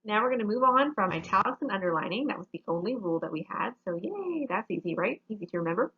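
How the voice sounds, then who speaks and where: A woman's voice: medium pitch, animated, rapid-fire, slightly rough, narrow, tinny audio. A woman teaching a grammar lesson in a classroom, explaining each rule step by step and often checking with "okay?".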